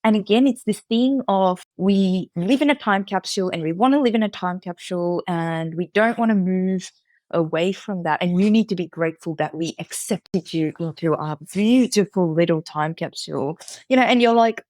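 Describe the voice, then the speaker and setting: A non-binary podcast guest from India with an Australian accent, telling stories in an animated, cheeky conversational way. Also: mid-range voice, normal speed, no room sound. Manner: animated, cheeky storytelling with laughs. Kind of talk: casual conversation.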